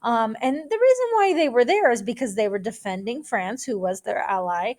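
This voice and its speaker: Middle-aged woman teacher, high-ish voice, chatty lecture style with fillers and asides. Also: animated, moderate pace, a little mellow. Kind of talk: recorded history lecture.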